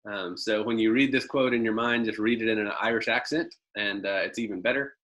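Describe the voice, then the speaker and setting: A man's voice: lowish voice, steady tone, a little fast, a bit bright, poor audio. A man presenting a marketing webinar over a video call, telling a folksy story with lots of ums and uhs.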